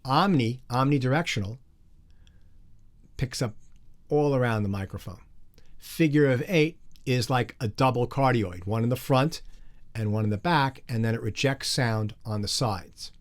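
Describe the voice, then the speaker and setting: A man's voice: mid-range voice, moderate pace. A man teaching an online music production class, explaining microphones in a casual way while he demonstrates the gear. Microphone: studio condenser microphone, moved around.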